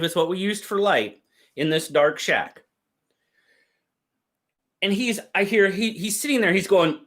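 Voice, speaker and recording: Man, livestream host, casual storytelling, slow drawl, lively pitch. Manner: drawn-out, easygoing storytelling with quoted voices. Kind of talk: casual storytelling to live chat.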